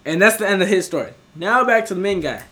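Laughing young man with lively pitch. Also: quick pace. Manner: laughs often, loose and profane, rambling with fillers. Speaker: podcast co-host telling a work story. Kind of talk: casual storytelling chat.

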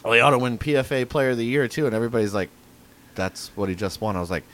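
A man's voice: mid-range voice, very fast, fairly bright tone. A man co-hosting a casual football fan podcast, swearing freely and telling stories with animation. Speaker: podcast co-host.

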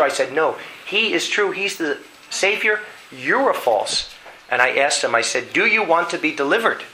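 A man preaching a sermon, telling a dramatic story in an animated way and reading scripture aloud. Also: on the high side, moderate pace, a little hiss or hum, rough recording. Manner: animated storytelling, acting out voices.

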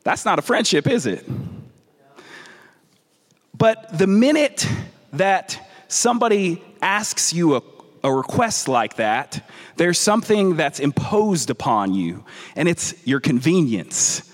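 A man's voice: on the high side, sing-song, takes it slowly. A man with a Southern American accent preaching a conversational sermon, often restarting and repeating words. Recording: long reverb of a large hall.

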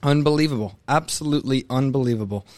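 Young male co-host, opinionated and animated, mid-pitched, dry close mic. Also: fast talker, no room sound. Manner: animated, opinionated, mimics coaches mid-rant. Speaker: sports podcast co-host. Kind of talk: casual sports talk.

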